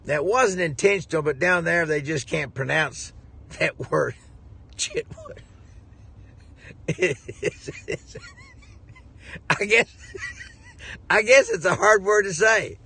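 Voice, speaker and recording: A man's voice: sits high, wildly swooping pitch, takes it slowly, gravelly, long pauses, pushed and bright, breathy edge. A man, a preacher, telling a rambling, jovial story to his viewers with lots of chuckling. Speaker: preacher and ministry head.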